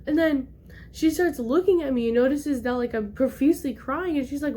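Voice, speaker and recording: A young woman vlogger telling a personal story in casual talk, animated and acting out the voices she quotes. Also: sits high, quick pace, slight background noise.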